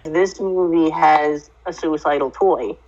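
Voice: medium pitch, slow, darkish tone. A co-host in a casual chat, speaking hesitantly and laughing easily, heard over lo-fi remote audio. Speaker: podcast co-host.

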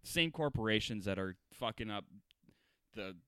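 A man's voice: on the low side, expressive, normal speed, pushed and bright, clean tone, no echo. A man co-hosting a casual podcast, ranting with lots of swearing and filler words. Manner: ranting, heavy swearing, frequent "like". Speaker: podcast co-host. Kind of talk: casual chat.

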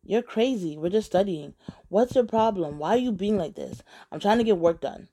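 A woman voicing her young boyfriend, a defensive and dismissive young man, with a flat, offhand, slightly lowered voice. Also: moderate pace.

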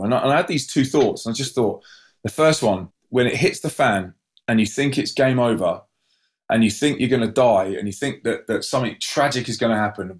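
Male guest, storyteller; animated, restarts often, jumps into high yelps when quoting others. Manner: acts out voices with sudden high yelps; many restarts and repeated words.

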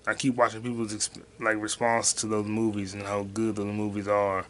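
A man hosting a solo podcast, rambling loosely and profanely, with sudden loud excited bursts. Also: lowish voice, normal speed, a little hiss or hum. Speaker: podcast host and stand-up comic.

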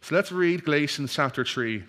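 A male pastor delivering a sermon, telling a story with humor and switching to a quiet, earnest prayer. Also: fairly high pitch, animated. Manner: storytelling, acts out crowd voices, laughs easily; hushed, slow prayer.

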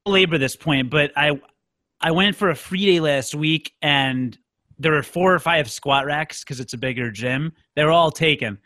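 A man's voice: fairly high pitch, moderate pace, bright, forceful tone, dry recording. Man, podcast host; dry close recording; wry, self-mocking storyteller. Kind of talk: casual chat. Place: Chicago.

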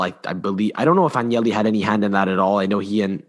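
A man's voice: lowish voice, racing, few pauses. A man co-hosting a football podcast in casual chat, opinionated and rambling, often repeating words and restarting his sentences. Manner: opinionated, animated. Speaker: podcast co-host.

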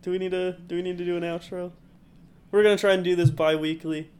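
A man's voice: high-pitched, level tone, quick pace, a little mellow. A man co-hosting a fighting-game podcast in casual chat, chatty, swearing freely and restarting his sentences. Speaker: podcast co-host.

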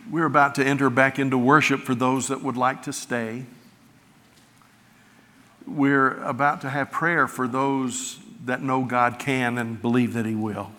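A middle-aged male pastor preaching a sermon, swelling loud on key words and then dropping soft. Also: medium pitch, fairly even intonation, unhurried. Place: large church sanctuary. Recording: church hall reverb.

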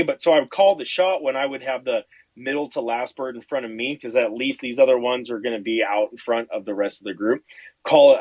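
Profane, animated male storyteller. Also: medium pitch, no echo, lo-fi sound. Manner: animated, profane, acts out quotes. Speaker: podcast host. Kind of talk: casual storytelling chat.

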